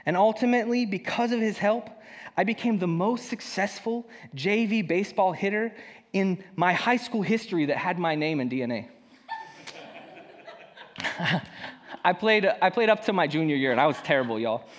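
A man's voice: high-pitched, moderate pace, pauses often. A young man preaching a sermon as a pastor, telling a personal story in a casual, self-deprecating way. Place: church hall. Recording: long hall reverb.

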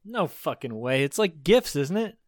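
A young man co-hosting a casual podcast, talking through a clogged nose. He is laid-back and curious, his voice a bit high, recorded dry and close. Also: big pitch swings, moderate pace, no room sound. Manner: laid-back, asks questions, laughs easily. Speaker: podcast co-host. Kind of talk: casual chat.

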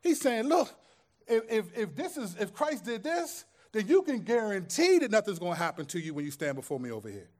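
A man preaching a sermon as pastor, swinging from hushed, quiet stretches to loud, impassioned peaks and repeating phrases for emphasis. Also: sits high, big pitch swings, a little fast.

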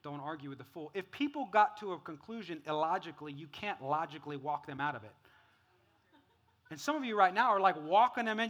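A middle-aged man preaching a sermon as pastor. He is playful and laughs at his own jokes, and he swings between loud acted-out bits and quiet, earnest talk. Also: a little high, lively intonation, fairly quick.

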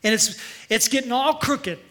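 A man preaches with earnest emphasis from the pulpit, his voice pitched very high and ringing bright. He invites the congregation to repeat lines back to him in a church setting. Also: normal speed. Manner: earnest, emphatic, leads the congregation in call-and-response. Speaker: pastor. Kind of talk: sermon.

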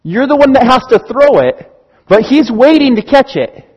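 A man, a church elder, preaching a sermon in an earnest, pastoral way with slow, emphatic pauses. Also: extremely high pitch, very animated, muffled recording.

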